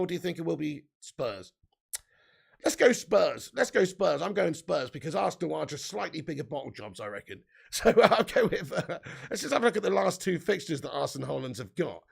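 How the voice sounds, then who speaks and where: A man's voice: on the high side, creaky. A man hosting a casual live football stream, chatting, reading the live chat aloud and laughing often.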